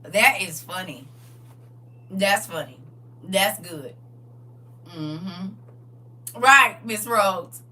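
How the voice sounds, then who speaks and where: A woman hosting a casual livestream, reading viewer comments aloud and preaching in a lively way with frequent laughs. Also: medium pitch, drawn-out words, long pauses, recorded from a distance. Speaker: livestream host.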